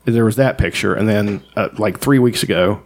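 A man's voice: lowish voice, moderate pace, a little hiss or hum. A man in casual podcast chat, blunt and profane, telling stories with animation. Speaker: podcast co-host.

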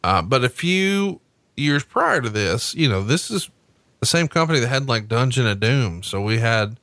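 A man's voice: mid-range voice, expressive, moderate pace, a bit bright, no room sound. A man co-hosting a wrestling podcast, chatting casually, swearing freely and laughing often. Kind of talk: casual profane banter.

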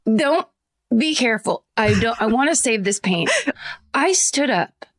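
A woman co-hosting a podcast, telling stories in quick, chatty casual talk. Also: fairly high pitch, lively intonation. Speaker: podcast co-host. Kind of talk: casual chat.

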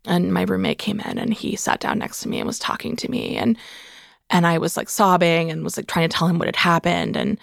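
A woman's voice: fairly low pitch, fairly even intonation, brisk, vocal fry, no echo, studio quality. A woman telling a painful personal story in a candid, conversational way, full of "like" fillers. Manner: conversational, frequent "like" fillers, emotional recollection. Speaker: memoir author, interview guest.

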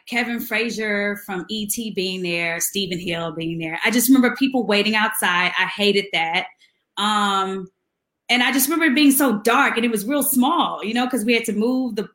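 A woman's voice: medium pitch, a bit bright, echoey room. A woman guest in a casual interview, chatty and laughing as she tells stories and mimics people. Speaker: guest singer.

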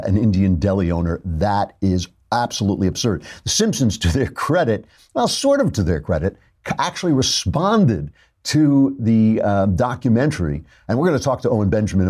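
A man hosting a talk show speaks in a low, mellow voice with a husky grain. He rambles through an opinionated studio monologue and pokes fun at himself along the way. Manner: wry, digressive, self-mocking.

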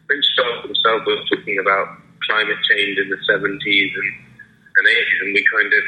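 An actor answering interview questions casually, hesitant with many fillers and restarts. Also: male voice, fairly low pitch. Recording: lo-fi phone-like line.

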